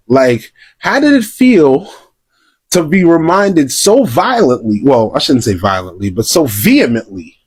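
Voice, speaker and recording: A man's voice: high voice, slightly rough. A young man scolding and mocking in a reaction rant. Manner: mocking, scolding, addresses viewers directly. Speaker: social media commentator. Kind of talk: ranting reaction video.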